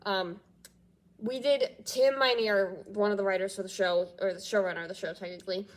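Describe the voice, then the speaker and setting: A woman's voice: medium pitch, steady tone, brisk. Congested woman rambling in a fan vlog. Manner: rambling, with frequent fillers and loops back on itself; giggles often between thoughts. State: congested, nasal from allergies. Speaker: fan reaction vlogger. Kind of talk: casual chat reacting to TV news.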